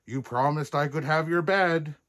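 A man doing a croaky, pushy frog. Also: fairly high pitch, normal speed, a bit bright, voice pushed up, lightly acted. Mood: demanding. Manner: croaky and demanding. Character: pushy male frog, later a prince.

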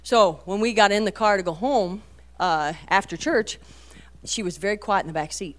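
A middle-aged woman giving a folksy, animated talk to a women's meeting, storytelling with many asides. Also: medium pitch, moderate pace. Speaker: Christian women's speaker.

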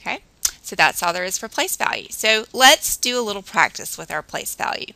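A woman teacher talks through a math lesson in a patient, steady way, counting out drills at an even pace. Her voice sits a little low and has a gravelly edge, with a bright, sharp tone. The sound is dry and close. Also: brisk, no room sound, low-quality recording. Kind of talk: recorded math lesson narration.

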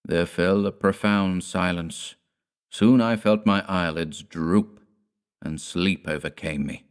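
Deep-voiced man narrating horror. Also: slow, smooth. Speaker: audiobook narrator.

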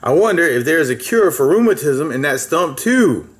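A man voicing a kindly old gentleman rabbit with rheumatism, polite and old-fashioned. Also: on the high side, very animated, normal speed.

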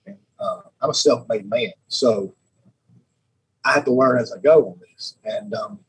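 A man's voice: mid-range voice, animated, a little slow, husky, poor audio. A man, a podcast guest telling stories in a rambling, chatty way. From Alabama. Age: 30s. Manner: rambling, repeats words, laughs often. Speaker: podcast guest, sheriff's lieutenant. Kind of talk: casual storytelling chat.

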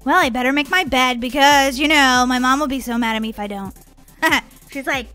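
Bright high-voiced woman, bratty and teasing. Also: soft background music. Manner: bratty, teasing, quick to shout. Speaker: gaming channel host playing Molly. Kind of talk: family role-play over game footage.

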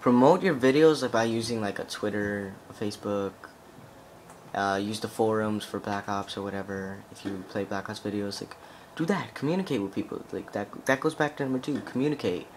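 A man's voice: fairly low pitch, a little fast, a little hiss or hum. A young man giving casual, rambling gameplay commentary full of "like" fillers and swearing as he plays. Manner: rambling, profane, heavy on "like" fillers.

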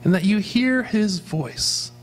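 A man's voice: high-pitched, lively intonation, takes it slowly, faint music behind. A man preaching a sermon as pastor of a church, earnestly asking his congregation questions. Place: church sanctuary.

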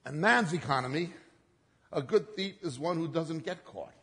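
A man's voice: lively intonation, moderate pace, breathy edge. Impassioned male preacher in a reverberant hall. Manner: dramatic swings in pitch and loudness, acting out quotes. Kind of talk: sermon.

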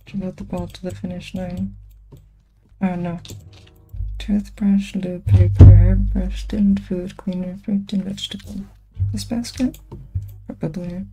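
A woman's voice: on the low side, warm tone. A young woman giving playful, giggly commentary over a video game, talking to its characters as she plays. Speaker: gaming streamer. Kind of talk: casual gameplay commentary.

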